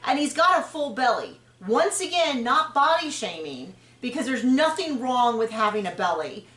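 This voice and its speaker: A woman's voice: on the high side, sing-song, a bit bright. Chatty woman, roomy distant mic. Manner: chatty, frank, quick asides and self-corrections. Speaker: podcast host recapping a reality show. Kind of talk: casual opinionated chat.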